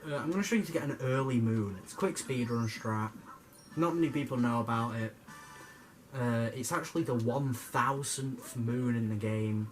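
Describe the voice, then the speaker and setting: A man's voice: mid-range voice, normal speed, soft background music. A young man giving jokey, rambling commentary over his gameplay, stammering and swearing now and then. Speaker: gamer.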